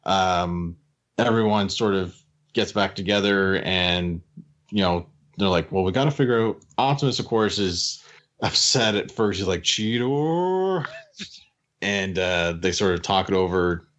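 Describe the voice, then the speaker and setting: A man with a very deep, low voice leads a casual podcast recap, walking through the plot scene by scene. He drops into quick quotes of the characters now and then, and keeps the chat going with friendly agreement. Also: steady tone, a bit bright, muffled recording. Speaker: podcast host recapping episodes.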